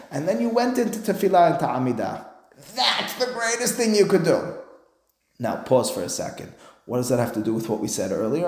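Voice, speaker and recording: A man teaching a Talmud class as a rabbi, animated and acting out both sides of a dialogue, peppering his English with Hebrew terms. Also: mid-range voice. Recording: roomy echo.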